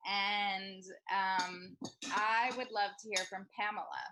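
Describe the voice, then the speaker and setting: A woman's voice: medium pitch, flat delivery, slow, background noise. A woman hosting an online group talk, telling a story with many ums and restarts. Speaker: host of a group discussion. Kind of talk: casual storytelling. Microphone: video call.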